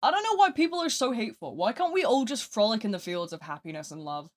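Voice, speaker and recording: A British live streamer chatting casually and rambling while gaming, swinging between loud asides and quiet mutters. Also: medium pitch, big pitch swings, fast.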